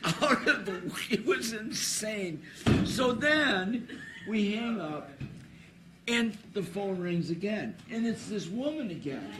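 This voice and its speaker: A man's voice: sits high, a bit bright, slight background noise. A man announcing a trivia contest, who tells a story at an awards ceremony before a live audience. He rambles, laughs and restarts his sentences.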